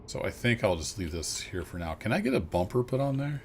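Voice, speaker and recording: A man streaming a train game live, easygoing and self-deprecating, thinking out loud to his viewers as he plays. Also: fairly low pitch, big pitch swings, brisk, a little hiss or hum. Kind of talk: casual live gameplay commentary.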